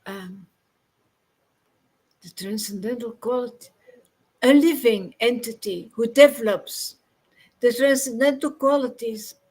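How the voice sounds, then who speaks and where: A woman reading scripture aloud in a devotional gathering, soft-spoken and halting. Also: a little high, husky, poor audio.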